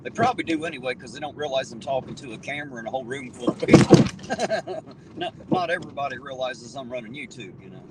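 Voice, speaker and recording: A man's voice: medium pitch, animated, fast talker. A man with an Appalachian accent chatting casually on a live stream from his vehicle at night, greeting viewers by name in a folksy, talkative way. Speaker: livestream host. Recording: distant mic with loud road noise.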